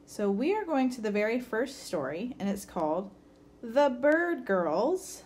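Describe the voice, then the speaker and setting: A woman's voice: fairly high pitch, very animated, a little slow, darkish tone, slight background noise. A woman teacher giving an encouraging, upbeat reading lesson for young children.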